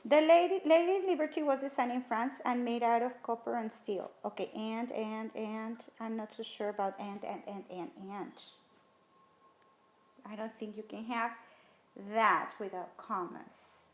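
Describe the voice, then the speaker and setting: A woman teacher talking through writing test questions in a recorded lesson, thinking aloud and rereading sentences slowly. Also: a little high, steady tone. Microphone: tablet whiteboard screen recording.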